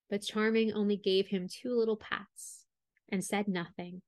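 A woman reading a fairy tale aloud as a storyteller. Her voice sits at an ordinary middle pitch. She narrates calmly and at a measured pace.

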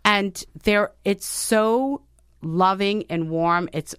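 A woman's voice: medium pitch, takes it slowly, a bit bright, smooth, no echo, clean studio sound. A woman hosting a radio talk show, telling stories in a chatty way with many restarts and asides. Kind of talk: casual radio chat. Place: radio studio.

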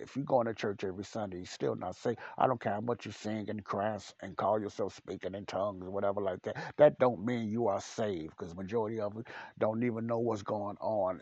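A man's voice: lowish voice, a little mellow, slightly rough, no echo, highs cut off. A man preaching a podcast sermon in a blunt, repetitive, emphatic way.

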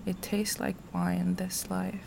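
A woman reading aloud from her personal journal, soft and slow, sometimes dropping to a whisper. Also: on the low side, level tone, creaky, noisy background. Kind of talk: intimate journal reading, poetry-like.

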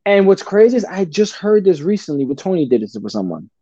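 A middle-aged man tells a personal story in a lively, casual way and keeps calling the listener brother. His voice is mellow and dark. The recording is dry and a little dull. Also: high-pitched, fast, no echo. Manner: animated, calls the host brother and bro. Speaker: podcast guest.

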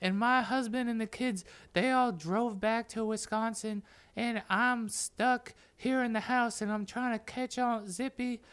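A man's voice: extremely high pitch, fairly even intonation, measured pace, clean tone, voice pushed up. A man playing a panicked woman caller leaving a hysterical, profane voicemail. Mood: frantic. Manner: shouting, hysterical, profane rant.

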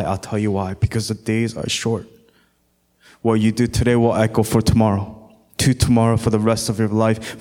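A man's voice: on the low side, darkish tone. A man as pastor preaching a sermon, his voice building in intensity and slipping into song now and then. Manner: preaching with rising intensity, sometimes singing.

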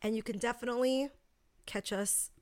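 A young woman co-hosts a casual podcast in a smooth, fairly high voice. She talks bluntly, swears freely and tells stories with animation. The sound is close and dry. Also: steady tone, normal speed, a little mellow, no echo. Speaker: podcast co-host. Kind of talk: casual chat.

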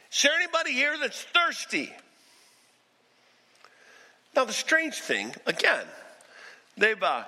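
A man preaches with a lively, rising and falling voice, slipping into short acted-out voices as he tells the story. His tone is bright and carries, with long hall reverb trailing behind it. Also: a little high. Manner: animated preaching, acts out quoted voices. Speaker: pastor. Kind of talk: sermon.

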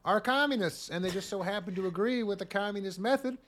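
Male podcast co-host, slightly high voice, sarcastic joking delivery. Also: fast talker, a bit bright. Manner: joking, sarcastic, calls everyone brother. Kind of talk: casual chat.

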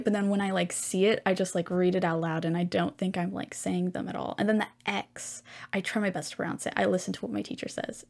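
A teenage girl hosting her own podcast, rambling and chatty with lots of fillers, at a middle pitch. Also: creaky, darkish tone. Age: teens. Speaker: podcast host. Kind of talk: casual podcast monologue.

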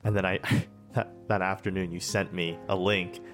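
A man's voice: deep voice, flat delivery, normal speed, a bit bright, faint music behind. A man co-hosting a podcast, speaking in a laid-back, casual way and laughing easily. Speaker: podcast co-host. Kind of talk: casual chat.

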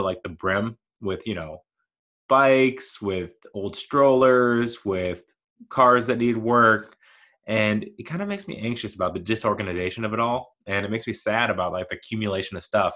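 Rambling, self-mocking man in his thirties. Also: lowish voice. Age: 30s. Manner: rambling, self-deprecating, laughs at himself; mild-mannered, never yells. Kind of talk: casual solo monologue.

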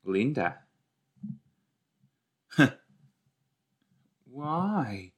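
A man's voice: mid-range voice, animated, slow pace, pauses often, a bit bright. A man hosting a rewatch podcast, giving rambling, jokey reaction commentary that often trails off.

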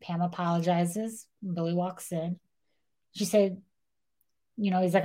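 A woman's voice: on the low side, a little slow, long pauses. A young woman co-hosting a podcast, casually retelling a true-crime story and acting out what people said, with a lot of "like". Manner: animated retelling, acts out quotes, frequent "like". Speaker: podcast co-host.

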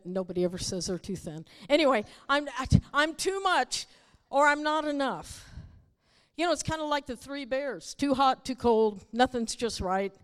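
High-voiced woman preaching in a reverberant hall. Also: expressive, normal speed, clean tone. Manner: playful, teasing, acts out quoted voices. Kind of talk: sermon. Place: church sanctuary.

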